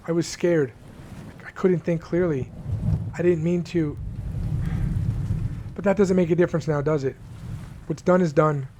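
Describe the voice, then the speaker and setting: A man's voice: fairly high pitch, fairly even intonation, unhurried, pauses often, noisy background, lightly acted. A man reading aloud the lines of a frightened, remorseful sixteen-year-old boy from a game, stammering and restarting as he goes. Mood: desperate.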